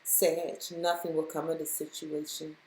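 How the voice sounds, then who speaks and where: A woman's voice: deep voice, completely flat delivery, unhurried, darkish tone. Emphatic woman tarot reader, roomy echo. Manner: repetitive, emphatic, addresses listener directly. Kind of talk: spiritual tarot reading.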